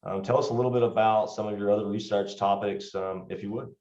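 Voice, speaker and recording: A man's voice: fairly low pitch, steady tone, fast, a little mellow. A man in his thirties hosting an interview, friendly and hesitant with fillers. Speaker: interview host. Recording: dull echoey room sound.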